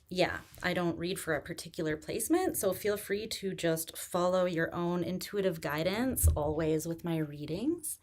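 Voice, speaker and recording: A woman hosting a tarot live stream, chatting in a relaxed, rambling way with many fillers, still recovering from pneumonia and pacing herself to catch her breath. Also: on the low side. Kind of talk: casual live-stream chat.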